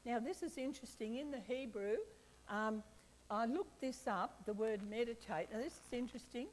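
Woman preaching, bright and lively. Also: on the high side, moderate pace, slight background noise, low-quality recording. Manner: lively, questions the audience, laughs often. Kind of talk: sermon.

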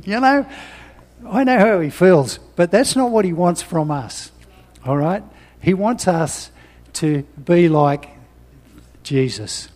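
A man's voice: fairly high pitch, animated, moderate pace, darkish tone, big-room sound. A man preaching a sermon, reading scripture and talking personally in a conversational way with frequent restarts.

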